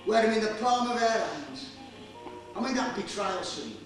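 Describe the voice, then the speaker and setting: An actor playing a modest, earnest working-class comic actor in a stage play. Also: male voice, high-pitched, expressive, normal speed. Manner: earnest, plain-spoken, slightly sheepish. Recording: roomy theatre sound from far off, music.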